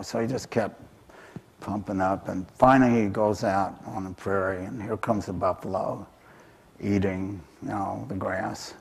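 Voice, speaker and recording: A man's voice: low-pitched, steady tone, measured pace, vocal fry, slight background noise. A man telling an animal folk tale in a talk, hesitant and full of fillers. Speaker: author and speaker.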